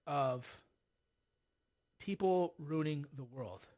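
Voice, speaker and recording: A middle-aged man with a high-pitched voice hosts a political livestream. He sounds sarcastic and exasperated, sighs often, and mocks the people he talks about. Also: very slow, darkish tone. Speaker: livestream host.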